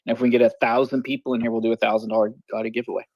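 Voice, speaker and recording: A man on a casual livestream, briskly announcing plans. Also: mid-range voice, level tone, darkish tone, no room sound, highs cut off.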